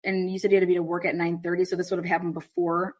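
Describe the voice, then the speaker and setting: A woman interviewer asking calm, probing questions. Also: fairly low pitch, rapid-fire.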